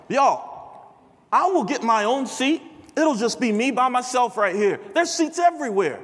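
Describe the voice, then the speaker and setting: A young man giving a chatty, animated chapel sermon to a large audience, peppered with bro and dude. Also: very high voice, big-room sound. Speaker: chapel speaker. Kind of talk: casual storytelling sermon.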